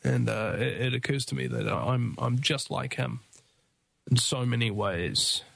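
A male radio host in a casual interview chat, talking in a rambling, animated way with many restarts. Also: mid-range voice, measured pace, vocal fry.

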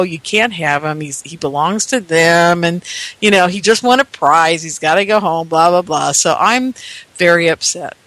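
Man, fifties, high pitch, rambling animated storytelling, dry recording. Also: no room sound. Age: 50s. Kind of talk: storytelling monologue.

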